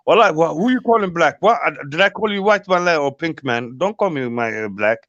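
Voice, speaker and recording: A man's voice: fairly high pitch, lively intonation, a little fast, fairly bright tone. A man, a guest in a casual chat, indignant and repetitive, switching into Somali now and then. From Somali heritage, UK. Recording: dry, dull lo-fi mic.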